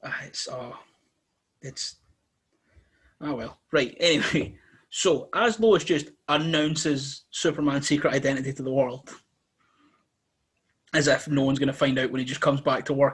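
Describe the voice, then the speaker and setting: Sweary man, husky voice. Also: medium pitch, moderate pace, pauses often. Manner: sweary, jokey, animated. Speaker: podcast co-host. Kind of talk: casual chat.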